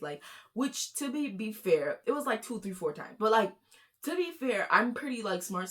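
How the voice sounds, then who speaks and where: A woman's voice: medium pitch, fairly bright tone. A young woman from Florida giving casual, chatty reaction commentary on short videos, with lots of fillers. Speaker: commentary YouTuber.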